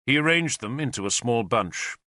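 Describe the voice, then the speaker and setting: Expressive storytelling marks this man's scripted audiobook reading, done in a mid-range voice at normal speed. The studio sound is clean, with no echo.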